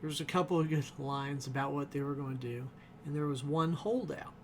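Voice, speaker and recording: A man talks through a TV episode in a loose, rambling review and chuckles often. His voice sits a little high for a man. A faint hiss runs under the recording. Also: fairly quick. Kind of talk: casual spoken review.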